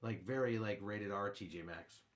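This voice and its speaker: A young man co-hosting a casual podcast, rambling through joking stories and quiz questions. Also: normal speed. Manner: rambling, joking storyteller with lively swings in pitch. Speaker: podcast co-host. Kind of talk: casual chat.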